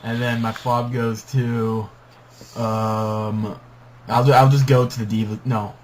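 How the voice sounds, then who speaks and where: A man's voice: medium pitch, flat delivery, slow. Young man, laid-back podcast co-host, swears freely, faint background noise. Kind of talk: casual podcast banter.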